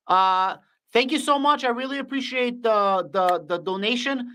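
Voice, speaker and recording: A young man with a Russian accent hosts a casual livestream, speaking bluntly and repeating his thank-yous. His voice is very high-pitched and sharp in tone, at a moderate pace.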